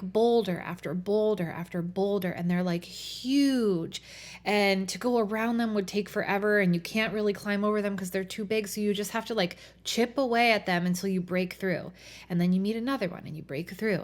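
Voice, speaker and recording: A young adult woman talks through her thoughts on her solo podcast. Her voice sits at an ordinary middle pitch, and her speech is loose and conversational, dotted with fillers. She sounds thoughtful and unhurried. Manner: casual, thoughtful, many "like" fillers. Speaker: podcast host. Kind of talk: reflective solo podcast talk.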